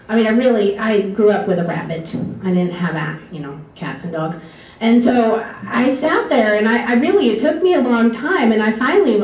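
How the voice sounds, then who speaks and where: Recorded from a distance in an echoey room with faint hiss, a woman with a mid-range, darkish voice shares stories from her time as an exchange student. She chats casually, laughs a lot, and keeps drifting onto tangents.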